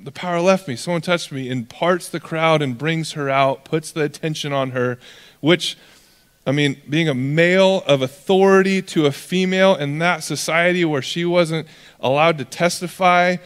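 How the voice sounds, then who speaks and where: A young man preaching a sermon as pastor, in a conversational, animated way that acts out characters. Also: fairly high pitch, normal speed, smooth. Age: young adult. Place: church hall. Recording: long reverb of a church hall.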